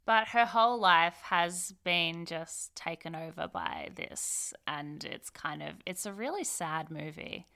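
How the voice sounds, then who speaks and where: Gravelly-voiced woman sharing opinions. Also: fairly low pitch, animated, slow, hardly any pauses, sharp tone. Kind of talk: casual film review chat.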